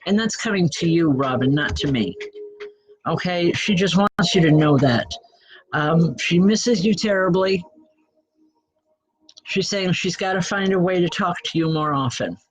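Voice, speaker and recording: A woman's voice: fairly low pitch, a little slow, slightly rough, low-quality recording. A woman medium giving spiritual readings to an audience, chatty and blunt, with self-deprecating asides. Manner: blunt, direct.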